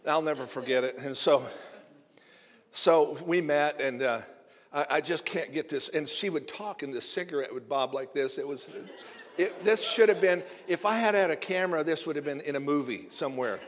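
Preacher guy telling a funny story, kinda high voice, chuckles a lot, big hall echo. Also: moderate pace. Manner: animated storyteller, chuckling as he talks. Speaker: minister. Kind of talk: storytelling sermon. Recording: long hall reverb.

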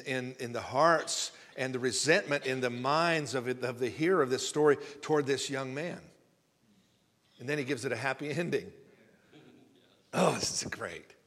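A man's voice: medium pitch, moderate pace, a bit bright. Folksy preaching man in a reverberant hall. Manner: folksy, rambling, repeats words when building emphasis. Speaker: pastor. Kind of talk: conversational sermon with storytelling. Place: church sanctuary.

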